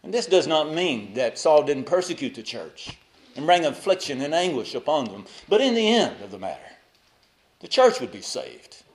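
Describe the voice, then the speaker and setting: Preaching in a voice on the high side, this male pastor is very animated and keeps a moderate pace. He swings from loud, emphatic statements to quiet asides, posing rhetorical questions to his congregation.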